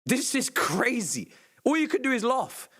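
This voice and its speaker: High-pitched exasperated football streamer. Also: male voice, big pitch swings, measured pace. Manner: sarcastic, exasperated, swears, shouts at refereeing calls. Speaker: livestream host reacting to a football match. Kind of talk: live match reaction stream.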